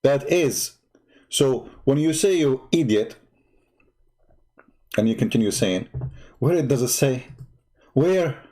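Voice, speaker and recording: A man's voice: mid-range voice, expressive, unhurried, long pauses, warm tone. A man hosting a livestream, speaking as an in a sarcastic, scolding way, often laughing at his opponent. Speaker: online broadcast host. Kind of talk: mocking livestream commentary.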